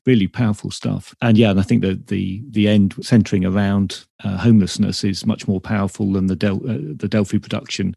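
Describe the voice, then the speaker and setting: A man hosting a podcast interview, talking in a measured, reflective way. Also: lowish voice, vocal fry, mellow, breathy edge, no room sound, clean studio sound. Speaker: podcast host. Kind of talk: conversational interview.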